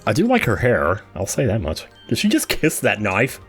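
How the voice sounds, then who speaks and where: A man's voice: fairly low pitch, huge pitch swings, normal speed, faint music behind. A young man hosting a let's play, joking and reacting aloud while he reads the game's dialogue. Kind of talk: casual game commentary.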